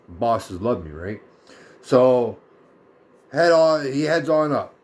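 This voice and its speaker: A man's voice: medium pitch, big pitch swings, slow pace, pauses often, a little mellow. Blunt, profane man ranting in his 30s. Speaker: vlogger. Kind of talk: casual ranting story.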